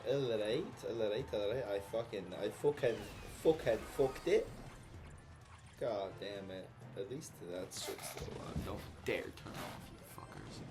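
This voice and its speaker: A man's voice: on the low side, unhurried, background noise. A young man swearing and ranting as he comments on his own gameplay. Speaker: gamer. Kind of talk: casual gaming commentary.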